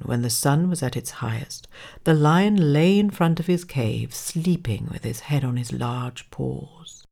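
A woman reads a children's fable slowly, her low voice rising and falling in a very lively way. She tells it with drama and drops to a hush at times. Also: creaky. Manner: expressive, dramatic, sometimes hushed. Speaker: storyteller. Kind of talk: children's story narration.

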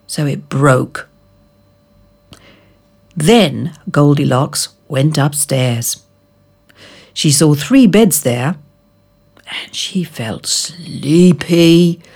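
Slow, gravelly woman reading a storybook. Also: deep voice. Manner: expressive, slow and drawn out. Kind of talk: storybook read-aloud.

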